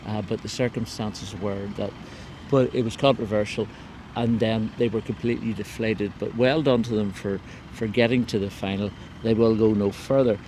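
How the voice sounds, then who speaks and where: A man hosting a local news podcast, talking in a loose, relaxed way with many fillers and restarts. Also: lowish voice, moderate pace, noisy background. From Northern Ireland. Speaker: podcast host. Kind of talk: casual local news chat.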